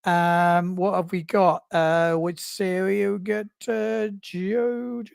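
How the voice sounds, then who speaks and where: A man's voice: high voice, level tone, slow pace, creaky, clear, resonant tone, no echo, clean studio sound. A man hosting a live stream, chatting casually while reading out viewer comments, laughing often and poking fun at himself. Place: small live booth.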